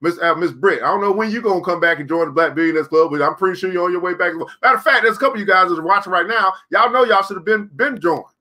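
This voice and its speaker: This man, hosting a live online crypto trading class, runs through viewer comments in a relaxed yet sermonizing manner. He speaks fast and expressively in a high, sharp voice, barely pausing.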